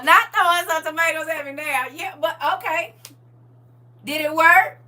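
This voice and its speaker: Animated woman livestreaming, bright voice. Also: sits high, slow pace, long pauses. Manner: animated and playful, addresses chat directly, laughs often. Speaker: livestream host. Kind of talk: casual livestream chat with viewers.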